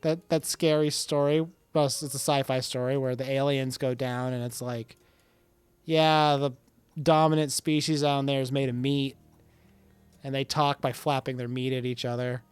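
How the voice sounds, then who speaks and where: Goofy joking man with a smooth voice. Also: mid-range voice, flat delivery, normal speed, no echo. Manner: goofy, joking, swings into mock-dramatic lines. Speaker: gaming channel co-host. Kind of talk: casual gameplay chat.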